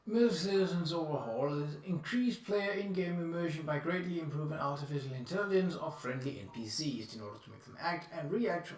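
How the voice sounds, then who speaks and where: A man's voice: a little high, animated, a little fast, few pauses, roomy sound, far from the mic. A man streaming live, casually reading out descriptions and musing aloud with lots of fillers.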